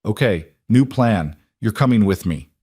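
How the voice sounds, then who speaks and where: A man's voice: animated, a little slow, warm tone, slightly rough, no echo, clean studio sound. A man voicing a cold, commanding mafia boss. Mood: protective, firm. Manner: low, clipped and commanding.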